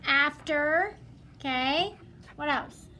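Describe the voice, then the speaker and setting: A woman's voice: sits high, extremely slow, pushed and bright, slight background noise. A woman teacher leading a math lesson in a classroom, upbeat and repeating her students' answers back to them.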